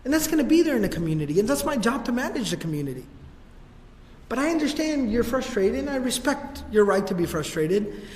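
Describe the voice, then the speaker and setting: A man voicing a calm male community leader who reasons softly and firmly with an old friend, in an echoey hall. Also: high-pitched. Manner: soft, reasoning, conversational.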